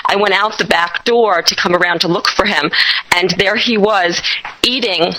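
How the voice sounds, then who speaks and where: A woman hosting an interview, telling a story in an animated way and laughing often. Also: medium pitch, normal speed, a little hiss or hum, low-quality recording. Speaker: host.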